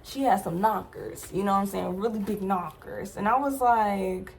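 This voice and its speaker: A woman's voice: mid-range voice, normal speed, hardly any pauses, slight background noise. A young adult woman vlogger telling a personal story in a casual, slangy, emphatic way, with many asides to her viewers.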